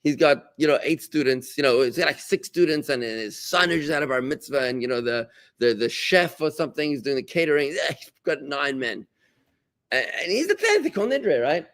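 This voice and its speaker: A man, a rabbi, giving a lively talk to his congregation and trading remarks with them, with sudden exclamations. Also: a little fast. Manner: animated, with big pitch jumps and exclamations.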